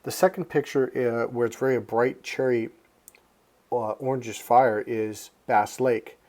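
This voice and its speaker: A middle-aged man from Northern California giving a casual motivational monologue. He swears freely and is animated. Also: medium pitch, unhurried. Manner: animated, swears freely, acts out other people's lines. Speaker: self-help vlogger.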